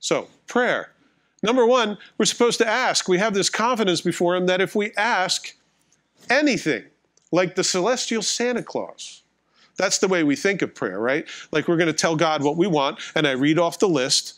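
A man's voice: high voice, animated, moderate pace, fairly bright tone. A middle-aged male pastor delivering a sermon in a conversational, wry, self-mocking way, acting out little dialogues.

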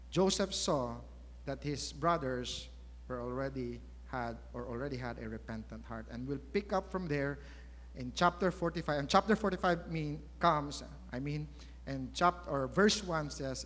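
A high-pitched Filipino man delivers a sermon in a big church hall, and long reverb trails each phrase. He tells the story emphatically, stopping to put rhetorical questions to his listeners. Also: a bit bright. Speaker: preacher.

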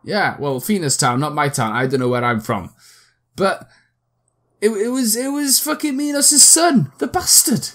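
A man's voice: sits high, lively intonation, measured pace, a bit bright. Sweary man commenting on gameplay. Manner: sweary, laughing asides, self-mocking. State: scratchy throat. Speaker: let's play host.

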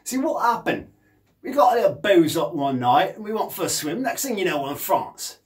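A man's voice: high voice, very animated, brisk. Man doing a punk rocker, brash, boozy, rambling, cheeky, bouncy intonation. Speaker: punk singer and guitarist. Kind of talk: comedic monologue in character.

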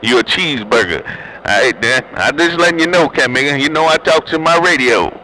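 A man's voice: on the high side, normal speed, bright, forceful tone, poor audio. Man bantering over CB radio. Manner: slangy, teasing banter. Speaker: CB radio operator. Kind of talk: casual CB radio chat.

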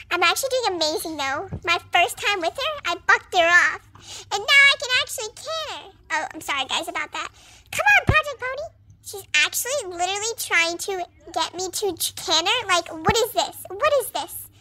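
A woman's voice: very high voice, sharp tone, a little hiss or hum, full character voice. A woman voicing a cheeky young mare, a project pony, chatting playfully in a teasing comic voice-over with lots of "like".

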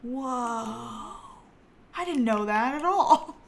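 A woman's voice: fairly high pitch, animated, drawn-out words, vocal fry, a little hiss or hum. A young woman streaming a life-simulation game, chatting casually, giggling and talking to the characters on screen. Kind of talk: casual gameplay commentary.

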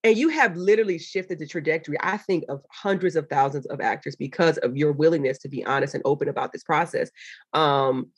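A woman chatting as an interview guest, telling animated stories and jumping into excited, high quoted voices. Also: fairly quick, slightly rough. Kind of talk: casual interview chat.

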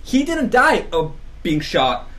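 A woman's voice: medium pitch, big pitch swings, slow pace, a bit bright. A woman co-hosting a casual comedy chat show, joking and acting out silly voices as she goes. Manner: jokey, laughing, acts out silly voices. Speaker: co-host.

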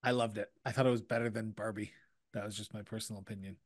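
A man's voice: fairly low pitch, fairly even intonation, quick pace, dry recording. Dry-humored Canadian man, close dry mic. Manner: dry, teasing, mock-indignant. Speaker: podcast co-host. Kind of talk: casual chat.

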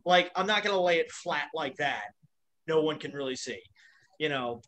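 A man's voice: a little high, animated, normal speed, fairly bright tone. A man co-hosting a casual video podcast, joking and teasing his guest, with a self-described nitpicky streak. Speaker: podcast co-host.

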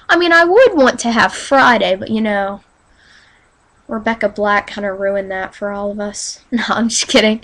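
A young woman on a quiet webcam mic, chatting in a bubbly, goofy, apologetic way, a bit stuffy from allergies. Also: mid-range voice, normal speed, low-quality recording. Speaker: YouTuber auditioning for a collab channel. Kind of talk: casual webcam vlog.

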